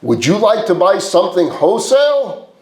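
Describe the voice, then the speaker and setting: A man voicing a pushy salesman who coaxes slowly and draws out his offer. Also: high-pitched, very animated, darkish tone, voice pushed up. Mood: coaxing. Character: hungry pushy male salesman. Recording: roomy echo.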